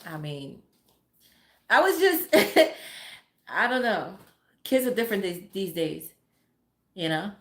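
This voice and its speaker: A woman's voice: medium pitch, big pitch swings, slow pace, long pauses, fairly bright tone. A mother from a Caribbean family chatting casually on a livestream, blunt and profane and laughing often. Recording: roomy echo.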